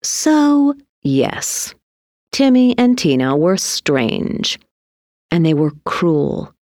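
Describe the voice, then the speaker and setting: Expressive woman reading a storybook, unhurried, lower voice. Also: no echo, clean studio sound. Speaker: narrator.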